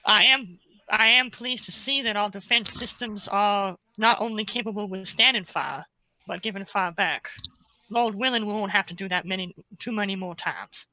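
A woman's voice: mid-range voice, bright, forceful tone, no room sound, close to an everyday voice. A woman voicing a composed, formal male starship captain in a tabletop game. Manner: formal, measured speech. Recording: dull lo-fi sound.

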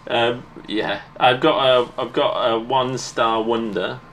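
A man's voice: medium pitch, fairly even intonation, measured pace, fairly bright tone. A man co-hosting a podcast, chatting casually, joking and riffing on a bit. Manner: jokey, laughs a lot, riffs on bits. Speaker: podcast co-host. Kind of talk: casual pub chat. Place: pub. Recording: noisy pub ambience.

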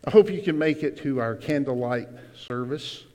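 A man preaching a sermon to his congregation as pastor, emphatic, with sudden loud cries and asides to the room. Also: medium pitch, moderate pace. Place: church sanctuary. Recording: long hall reverb.

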